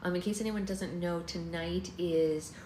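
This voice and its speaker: A low-pitched woman chats casually on a livestream, rambling and full of fillers. Her voice rings in an echoey room with faint noise behind it. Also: fairly even intonation, measured pace. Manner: chatty, rambling, filler-heavy. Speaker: book club host and slime seller. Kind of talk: casual livestream chat and reading aloud.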